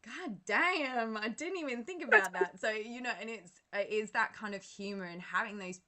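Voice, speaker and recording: A woman's voice: mid-range voice, expressive, normal speed, bright, forceful tone. A woman hosting an interview, chatty and encouraging, with many fillers as she asks questions. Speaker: host.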